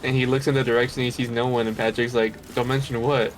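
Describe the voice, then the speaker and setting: A man's voice: medium pitch, little pitch movement, racing, a little hiss or hum. A young man chatting casually while gaming, rambling through a story and laughing often. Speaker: gamer.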